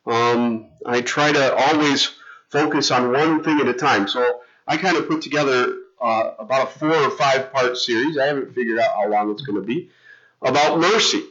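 Middle-aged male pastor, chatty storytelling sermon delivery, forceful tone, muffled recording. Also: mid-range voice, moderate pace. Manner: conversational, storytelling with self-interruptions and restarts. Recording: dull lo-fi sound.

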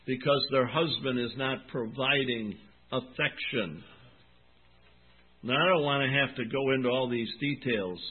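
Husky older man preaching, tinny sound. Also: mid-range voice. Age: 70s. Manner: earnest, folksy, slow deliberate emphasis. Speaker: pastor. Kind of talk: sermon. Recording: tinny phone-like recording.

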